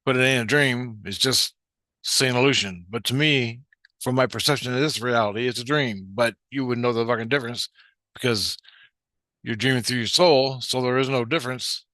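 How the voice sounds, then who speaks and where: A man's voice: mid-range voice, moderate pace, sharp tone, no room sound. A man telling a rambling personal spiritual story in a casual, profane way, often restarting his sentences. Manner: profane, meandering, with frequent restarts. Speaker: spiritual vlogger.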